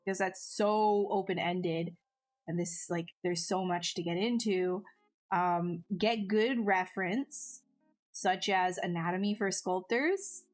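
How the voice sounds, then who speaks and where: Her voice sits on the low side and moves slowly, with gentle music in the background. While working on a sculpture on a live stream, she talks casually and pokes fun at herself in replies to viewers, frequently letting sentences fade and then restarting.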